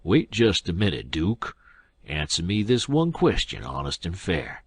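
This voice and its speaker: A man's voice: sits low, sing-song, unhurried, husky, no echo, exaggerated voice. A man putting on a sly drawling old swindler. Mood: pleading. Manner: drawling, sarcastic. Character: older male con man, sly and whining.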